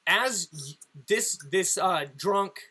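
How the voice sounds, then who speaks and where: A man narrating a tabletop game as game master, halting and repeating words as he describes scenes. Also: high-pitched, lively intonation, bright, forceful tone, husky.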